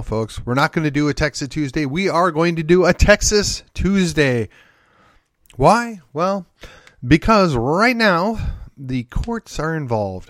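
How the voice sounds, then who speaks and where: A man's voice: a little high, no room sound, studio quality. Emphatic folksy male podcast host. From Wisconsin. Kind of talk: opinionated political monologue.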